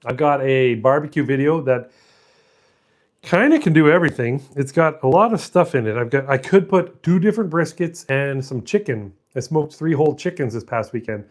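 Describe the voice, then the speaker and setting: A man's voice: on the high side, expressive, moderate pace. A middle-aged man hosting his own channel, telling a story in a rambling, self-mocking way, laughing often and restarting sentences. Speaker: channel host. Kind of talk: casual storytelling monologue.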